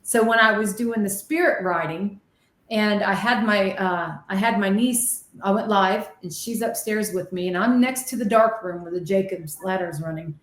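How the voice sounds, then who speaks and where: A medium and ghost hunter is interviewed in an echoey room, speaking at a moderate pace with a medium-pitched voice. Storytelling is her mode here, lively and excitable, with dramatic re-enactments of the voices she remembers.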